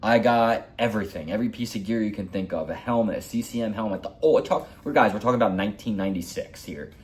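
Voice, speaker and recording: A man's voice: on the low side, quick pace. A man in his forties telling a heartfelt personal story in a rambling, repetitive way. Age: 40s. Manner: rambling, heartfelt, repeats himself. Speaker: hockey vlogger.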